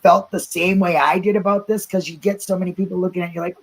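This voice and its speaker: A woman's voice: lowish voice, fairly even intonation, fast, poor audio. Emphatic woman hosting a chatty talk show. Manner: emphatic, repeats phrases, many "you know what I mean"s. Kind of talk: casual talk-show discussion.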